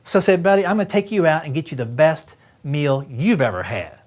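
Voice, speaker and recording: A man's voice: fairly high pitch, sing-song, brisk. A man in his fifties doing a stand-up comedy routine, telling folksy stories and acting out dialogue with his doctor and friends. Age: 50s.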